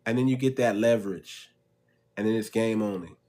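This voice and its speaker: A man with a fairly low, slightly mellow voice hosts a livestream at normal speed, speaking directly to viewers he calls family. Emphatic and preachy, he drives his points home by repeating them over and over.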